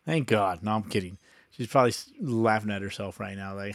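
Podcast host, male, young adult, slightly low voice, loose swearing ramble, dry close mic. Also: expressive, normal speed, no room sound. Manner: loose, profane, rambling with many fillers. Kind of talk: casual solo podcast chat.

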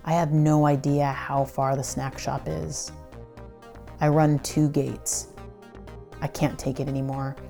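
Low, gravelly woman telling a story. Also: level tone, a little slow, long pauses, dark tone, soft background music. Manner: breathless, dramatic, swears at times. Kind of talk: first-person storytelling.

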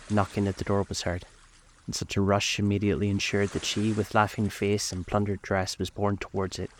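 A man narrating a classic tale as a bedtime story host, in a soft, slow, soothing manner. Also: on the low side. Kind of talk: calm bedtime story reading.

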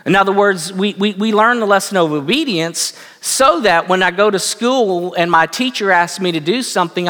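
A man's voice: high-pitched, bright, forceful tone. A man preaching a sermon, emphatic, repeating his key phrases for weight. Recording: long hall reverb.

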